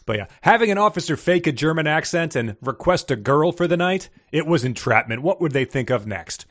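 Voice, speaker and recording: A man's voice: on the high side, animated, brisk, fairly bright tone. A man co-hosting a podcast, recapping a book in a chatty way with joking asides. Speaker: podcast co-host. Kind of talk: casual chat.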